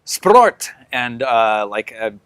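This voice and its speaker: A man's voice: medium pitch, moderate pace, no echo. A man running a tabletop game as game master, describing the scene in a loose way full of fillers like "like" and "uh".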